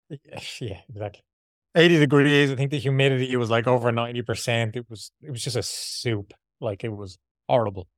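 An Irish man talks loosely and rambles, laughing now and then, worn out after a hard run. His voice sits at an ordinary pitch and sounds dry and close to the mic. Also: normal speed, no echo. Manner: chatty, rambling, laughs often. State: tired after a workout. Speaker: podcast co-host, marathon runner. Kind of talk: casual chat.

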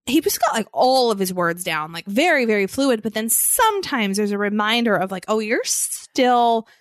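A woman in her thirties co-hosts a relaxed podcast and tells lively stories about her children, breaking into laughter often. Her voice sits a little high and sounds close and dry. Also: normal speed, no room sound. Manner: animated storytelling, laughs often. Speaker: podcast co-host. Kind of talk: casual chat.

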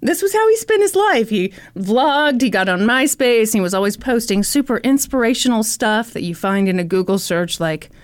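A woman's voice: fairly high pitch, expressive, moderate pace, few pauses. A woman hosting a podcast, telling a story to her co-host in a casual, wry and teasing way, with some swearing.

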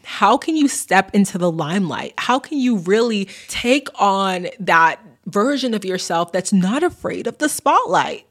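A woman hosting an astrology channel, giving a motivational talk to camera in a playful, animated way, calling viewers baby and dropping slangy asides. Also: mid-range voice.

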